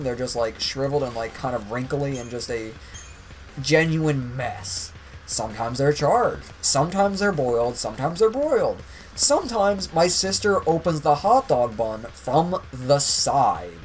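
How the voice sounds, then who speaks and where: Brief: young streamer, theatrical profane rants over gameplay, mid-pitched voice, faint background hiss. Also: low-quality recording. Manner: profane, exasperated, dramatic ranting. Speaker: streamer playing a video game. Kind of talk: casual ranting commentary while gaming.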